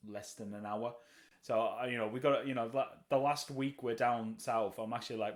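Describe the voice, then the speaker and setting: A man's voice: mid-range voice, moderate pace. A middle-aged man co-hosting a casual podcast chat, telling stories animatedly and acting out the voices of people he quotes. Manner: animated storyteller who acts out quoted conversations. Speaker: podcast co-host.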